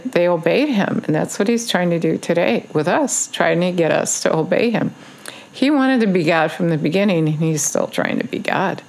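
A woman's voice: low-pitched, creaky. A woman giving a casual video sermon, urging listeners in earnest, repetitive phrases with frequent ums. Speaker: online preacher.

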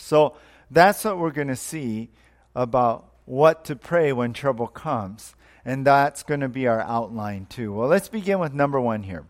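A man preaching and praying in a steady, middling voice, repeating his words in a prayerful rhythm. His voice drops softly away at the close of each phrase as he leads a sermon. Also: mid-range voice, measured pace. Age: adult, married. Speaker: pastor.

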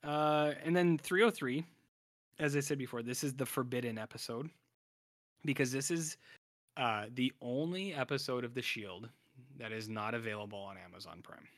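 A man's voice: medium pitch, normal speed, no room sound. Rambling man on a dry podcast mic. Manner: rambling, heavy on fillers and restarts. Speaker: podcast co-host. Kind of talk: casual chat recapping a TV show.

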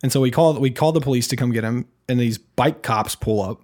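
A young man talks fast in a mid-pitched voice, rambling through a story with lots of fillers and restarts. The tone is casual, like friends chatting. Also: darkish tone.

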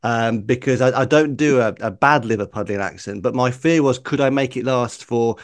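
Male guest, northern English, conversational, hesitant fillers, mid pitch, dry booth. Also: moderate pace, no echo. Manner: chatty, many ums and uhs. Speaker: racing journalist guest. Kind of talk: casual interview chat.

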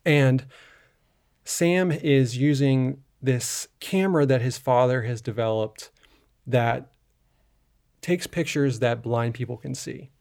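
A man's voice: mid-range voice, slow pace, gravelly, darkish tone. A man co-hosting a film podcast, recapping a movie in a rambling, casual way with lots of fillers and restarts. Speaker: podcast co-host.

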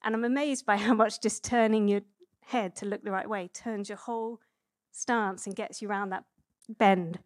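A woman in her thirties preaches in an easy, chatty way, full of little fillers and restarts. Her voice sits at an ordinary middle pitch. The sound is dry and close, with no room echo. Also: normal speed. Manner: chatty and relaxed, with many fillers and self-corrections. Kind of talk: conversational sermon.

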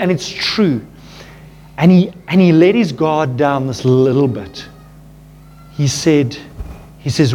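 A man preaching a sermon as pastor, earnest and animated, calling his listeners folks and dropping low and quiet at tender moments. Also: a little slow.

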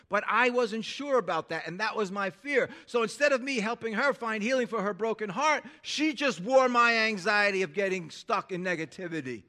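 A man preaching a sermon in a high, bright voice. He drops to near-hushed passages and then bursts up loud, stirring the room with calls for an amen. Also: normal speed, few pauses. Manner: animated, swinging from hushed to loud; calls for amens from the crowd. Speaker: pastor.

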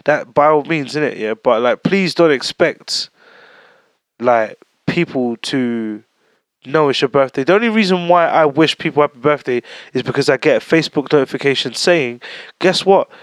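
A man's voice: mid-range voice, normal speed, dry recording. A young man chatting casually, rambling and filling with "like". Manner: laid-back, rambling, says "like" a lot. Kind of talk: casual chat.

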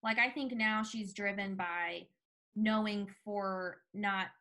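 A woman's voice: mid-range voice, slow pace. Chatty woman recapping a TV episode. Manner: chatty, animated, lots of fillers. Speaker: podcast co-host. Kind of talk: casual TV recap chat.

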